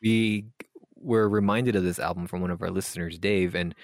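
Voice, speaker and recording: A man co-hosting a podcast who chats casually about music with quick, animated reactions. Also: sits low, dry recording, studio quality. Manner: quick, animated, swears in mock outrage. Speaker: podcast co-host.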